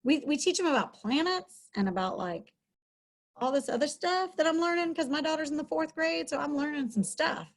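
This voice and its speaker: A woman's voice: high-pitched, lively intonation, normal speed. A middle-aged woman, a school counselor, giving an upbeat, chatty webinar lesson from home over a video call, with many fillers. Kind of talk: webinar teaching talk.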